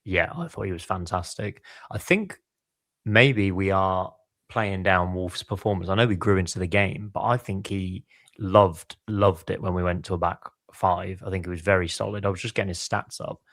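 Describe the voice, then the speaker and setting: A deep male voice with an English accent, recorded close and dry. He talks football casually but analytically, thinking aloud and pulling up player stats. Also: moderate pace, fairly bright tone, no room sound. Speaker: podcast co-host.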